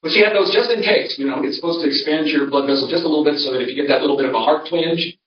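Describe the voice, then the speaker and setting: An older man pastor talks through a church seminar in a loose, storytelling way, often restarting his sentences. His voice sits a little high. It sounds roomy and dull, picked up from some distance in a church hall. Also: racing. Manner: conversational, storytelling, frequent restarts. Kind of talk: folksy seminar talk.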